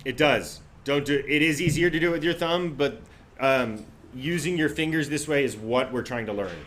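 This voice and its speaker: A man's voice: mid-range voice, moderate pace, fairly bright tone, slight background noise. A man teaching an online ukulele class, counting out finger-picking patterns as he plays. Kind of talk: online group music lesson. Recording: ukulele playing under the voice.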